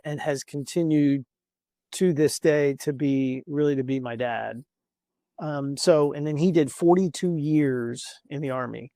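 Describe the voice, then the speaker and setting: Gravelly man telling a story, earnest. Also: fairly high pitch, dry recording, clean studio sound. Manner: earnest, emotional, repeats words as he builds up. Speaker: podcast guest. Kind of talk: personal storytelling. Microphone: video call.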